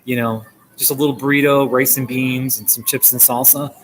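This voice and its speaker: A man's voice: medium pitch, fairly even intonation, normal speed, slight background noise, low-quality recording. Chatty man with a New Jersey accent. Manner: chatty, joking, reads viewer comments. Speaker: live streamer. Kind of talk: casual live-stream chat. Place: coffee shop.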